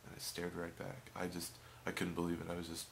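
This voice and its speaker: A young man tells stories in a casual vlog, swinging between loud outbursts and muttered asides. His voice is notably deep and low. A faint hiss sits under the recording. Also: completely flat delivery, fairly quick, vocal fry. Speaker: vlogger.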